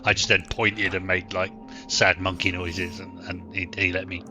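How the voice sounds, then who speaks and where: A man's voice: deep voice, flat delivery, normal speed, over music. A man with an Irish accent, co-hosting a podcast in a casual, chatty, self-deprecating way. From Ireland. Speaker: podcast co-host. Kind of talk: casual chat.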